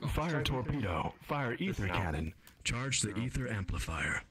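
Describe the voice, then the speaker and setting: A man narrating an interactive adventure show in a measured, announcing way. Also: medium pitch, big pitch swings. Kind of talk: live dramatic narration. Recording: crowd chatter behind.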